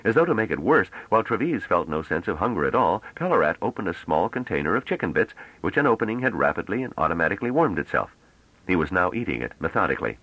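A man narrating an audiobook in a measured, deliberate way. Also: sits low, very animated, a bit bright, breathy edge, no echo, muffled recording.

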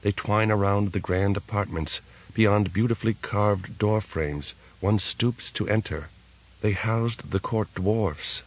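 A man's voice: fairly low pitch, slow pace. A man voicing a distant aristocratic young woman. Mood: dreamy. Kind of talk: audiobook character reading.

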